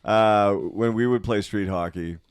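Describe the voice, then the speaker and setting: A man's voice: fairly low pitch, unhurried, smooth. A man on a podcast, telling an easygoing story in casual chat. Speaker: podcast co-host.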